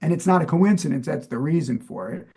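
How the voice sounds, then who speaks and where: A man's voice: a little high, lively intonation, fast talker, mellow, husky. A man with a New York accent, co-hosting a casual chat and quizzing his partner in a playful, chatty way. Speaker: podcast co-host.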